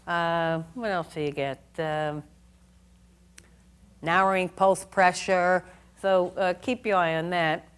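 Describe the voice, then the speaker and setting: A woman's voice: fairly low pitch, steady tone, takes it slowly, pauses often, clear, resonant tone. A middle-aged woman teaching a nursing review class in a chatty, folksy way, telling stories and acting out dialogue. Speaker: nursing exam review instructor. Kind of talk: lecture with personal anecdotes.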